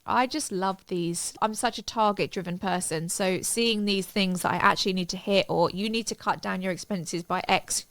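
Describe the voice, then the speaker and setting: A woman's voice: mid-range voice, no room sound. Woman walking you through a tutorial, upbeat and chatty, dry close sound. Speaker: online business tutor. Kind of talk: step-by-step software tutorial.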